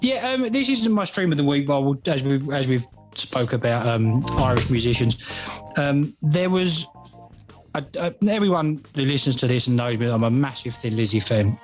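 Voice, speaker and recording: A middle-aged man co-hosting a podcast, chatting casually in a relaxed, agreeable way with hesitant fillers. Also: medium pitch, moderate pace, soft background music, rough recording. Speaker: podcast co-host. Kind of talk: casual chat.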